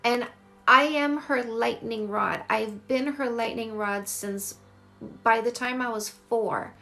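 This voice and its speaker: A woman in her forties with a slightly high, gravelly voice speaks frankly into her phone during a live stream. She is a dating coach answering viewers, and she repeats phrases to drive her points home. Faint music plays behind her. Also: steady tone, takes it slowly, pushed and bright. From Canada. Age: 40s. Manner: candid, emphatic, repeats phrases. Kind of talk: livestream chat answering viewer comments.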